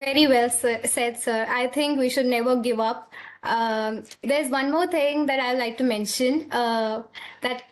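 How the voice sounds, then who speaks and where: A woman's voice: on the high side, fairly even intonation, measured pace. A woman hosting an online interview, polite and deferential, with hesitant fillers as she asks her questions. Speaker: interviewer and host.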